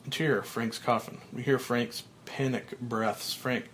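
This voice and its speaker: A man, a podcast host, reading a script's stage directions aloud in a steady, matter-of-fact way, with small slips. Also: medium pitch, measured pace, a little hiss or hum.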